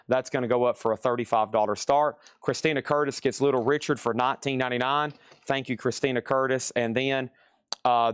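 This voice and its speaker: Smooth-voiced man running a live record sale. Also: mid-range voice, dry recording, clean studio sound. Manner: brisk salesman patter, repeating prices. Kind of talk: live-stream auction selling. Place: record shop.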